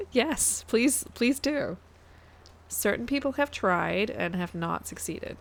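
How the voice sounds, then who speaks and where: A woman's voice: mid-range voice, lively intonation, measured pace, slight background noise. A woman, chatting casually to her viewers while playing a game on a live stream and thinking aloud. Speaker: guest streamer.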